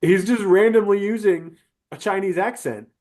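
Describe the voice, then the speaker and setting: A man's voice: sits high, normal speed, a little mellow. A man co-hosting a podcast, giving a casual, comedic movie review and ranting with lots of swearing and emphasis. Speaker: podcast co-host.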